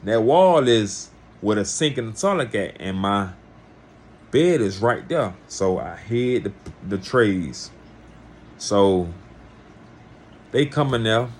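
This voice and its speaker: Guy telling his own story, laid back but lively, does the voices of people he quotes. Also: on the low side, takes it slowly, pauses often, a little hiss or hum. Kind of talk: casual personal storytelling.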